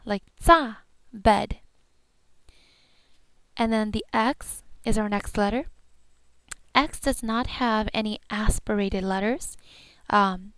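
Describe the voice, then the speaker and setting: A woman's voice: fairly high pitch, clean tone, no echo. A woman giving a patient pronunciation lesson, saying each sound several times over. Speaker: language teacher.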